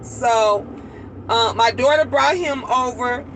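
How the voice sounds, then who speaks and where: A woman's voice: fairly high pitch, slow pace, fairly bright tone, slight background noise, rough recording. A middle-aged woman and grandmother chatting casually with live stream viewers from a car, rambling animatedly through stories and greeting people as they join.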